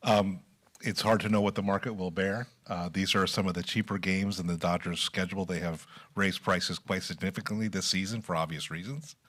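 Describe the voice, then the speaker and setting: Low-voiced man giving a measured staff report. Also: steady tone, a bit bright. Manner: measured, many filler pauses. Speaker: city staff presenter. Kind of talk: formal public meeting report.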